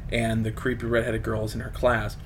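A man's voice: on the low side, completely flat delivery, brisk, a little hiss or hum. A man casually retelling a film's plot as a podcast co-host, rambling with plenty of fillers. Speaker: podcast co-host reviewing a film. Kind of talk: casual chat.

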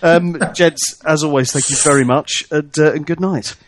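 A man's voice: a little high, moderate pace. Polite hesitant male host. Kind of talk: casual chat.

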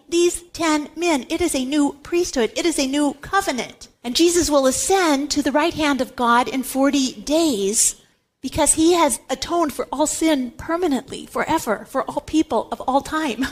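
High-voiced woman teaching scripture emphatically. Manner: emphatic, repeats words for stress. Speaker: Catholic Bible teacher.

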